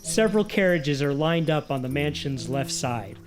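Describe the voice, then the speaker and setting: A man's voice: fairly high pitch, animated, normal speed, soft background music. A man narrating a tabletop game as its game master, describing scenes with some fillers.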